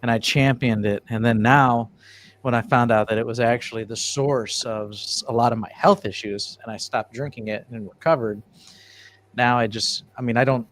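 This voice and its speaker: A man with a mid-pitched voice talking on a podcast. He speaks haltingly and hedges, with a dry, self-deprecating humor. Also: slight background noise. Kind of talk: casual podcast chat.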